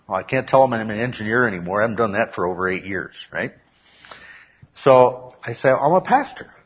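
Husky male pastor preaching. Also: fairly low pitch, brisk, highs cut off. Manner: peppers talk with "okay?", rises to emphatic shouts. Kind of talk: sermon. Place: church.

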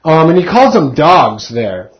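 A man's voice: a little high, sing-song, measured pace, highs cut off. A man in his thirties casually teaching a Bible study, talking conversationally and asking his group questions.

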